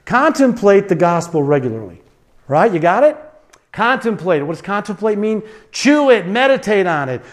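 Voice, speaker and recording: A man preaching a sermon with passion, stretching key phrases slowly and breaking into a sung refrain. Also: sits high, sing-song. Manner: impassioned, sings a hymn refrain; drawn-out emphatic phrases.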